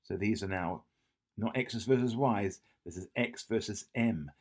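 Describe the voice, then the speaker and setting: Deep-voiced math tutor man, thinking aloud. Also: a little slow. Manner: thinking aloud, self-correcting, frequent "yeah?" checks. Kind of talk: whiteboard exam walkthrough.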